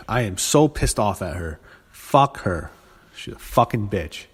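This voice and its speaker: An angry man with a low-pitched voice rants through a casual wrestling review, swearing hard and stumbling over fillers and restarts. His voice trails off into a long reverb, as if he is in a large, echoing hall. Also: expressive, slightly rough. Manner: angry profane ranting; halting, full of fillers and restarts.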